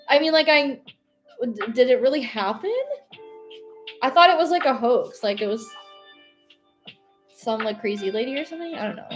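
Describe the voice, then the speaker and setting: A woman's voice: a little high, expressive, normal speed, pauses often, fairly bright tone, faint music behind. An American woman in her late twenties, chatting casually and giggling on a livestream while she paints and answers her chat. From United States. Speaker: streamer.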